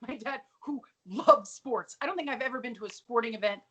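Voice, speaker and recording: A woman's voice: a little high, fairly quick, slightly rough. A woman co-hosting a podcast, chatting casually about a sitcom episode and acting out characters' lines. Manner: lively, chatty, acts out lines in quotes. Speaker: podcast co-host.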